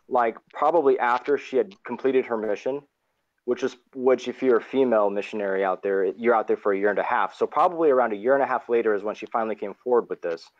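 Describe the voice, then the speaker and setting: Man, mid-pitched, co-host on a live online chat; explanatory, restarts a lot; lo-fi, muffled line. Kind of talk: casual live discussion.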